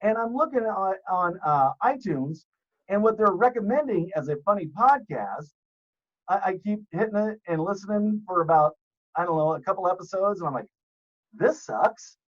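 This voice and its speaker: Man with a deep announcer voice. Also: lively intonation, normal speed, highs cut off. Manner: deep announcer-style voice, profane storytelling. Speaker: podcast guest. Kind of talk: casual podcast chat.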